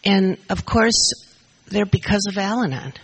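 An older woman gives personal testimony to a group at a recovery meeting, speaking into a shared handheld mic. Her mid-range voice is slightly rough and measured in pace, and she sounds emotional and a little nervous. The recording itself is rough.

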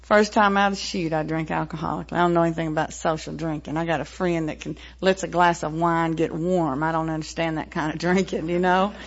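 A woman in her forties with a Southern American accent gives a plainspoken personal testimony to a meeting. Her lowish voice is gravelly with fry, and it comes through a dull, lo-fi recording. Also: fairly even intonation, fast, hardly any pauses. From American South, Tennessee-Mississippi line. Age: 40s. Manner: frank, plainspoken, with fillers and wry laughs. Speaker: recovery meeting speaker.

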